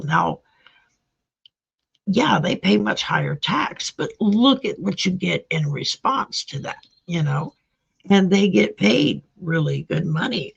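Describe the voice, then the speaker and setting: Woman, tarot reader on a live stream, very gravelly voice, slow delivery, dull lo-fi sound. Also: lowish voice. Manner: slow, chatty, greets viewers by name. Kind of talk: live-streamed card reading.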